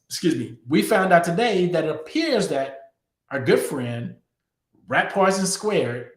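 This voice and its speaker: Host type: a man with a fairly high voice, emphatic and direct to camera, in an echoey room. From Texas. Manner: emphatic, addressing viewers directly. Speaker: crypto show host. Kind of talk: political news commentary.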